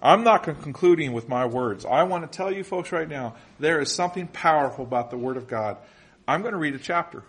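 A man's voice: a little high, lively intonation, brisk, fairly bright tone, husky. A middle-aged man preaching a sermon in a conversational way, with restarts and fillers. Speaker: pastor.

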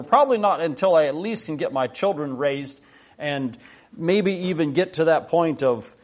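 A man's voice: expressive, moderate pace. A man preaching a sermon, telling a story earnestly, stumbling and restarting now and then, and reading scripture aloud with rising force. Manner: rises in pitch and volume when reading scripture aloud. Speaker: pastor.

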